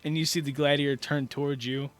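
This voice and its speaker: A man's voice: on the high side, level tone, quick pace, faint music behind. A man narrating a tabletop game as game master, in a loose, rambling way full of fillers.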